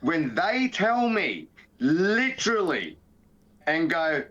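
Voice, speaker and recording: A man's voice: high voice, measured pace, lo-fi sound. An outspoken Australian man co-hosting a podcast, chatting casually and swearing freely about fights. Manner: outspoken, profane, animated. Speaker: podcast co-host.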